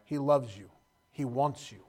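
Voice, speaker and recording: Male preacher, middle pitch, emotional storyteller who swings between loud and hushed. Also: measured pace. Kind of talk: sermon.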